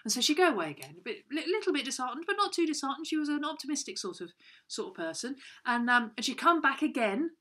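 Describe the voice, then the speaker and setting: A woman's voice: high voice, very animated, fast talker, pushed and bright. A woman telling a silly, rambling story for children, with playful voices and lots of restarts. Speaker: children's show co-host. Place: home.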